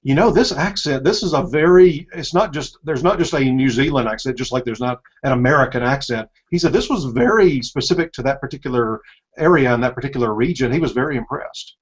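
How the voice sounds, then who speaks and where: A man's voice: medium pitch, expressive, brisk, breathy edge. A man hosting an interview, asking questions conversationally and reading out viewer questions. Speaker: interview host, entertainment editor. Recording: muffled lo-fi audio.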